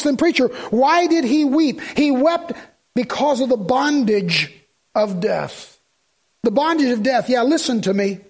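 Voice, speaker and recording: A man's voice: very high-pitched, lively intonation, measured pace. An older man preaching a funeral sermon, reading scripture aloud and repeating phrases fervently for emphasis. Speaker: pastor.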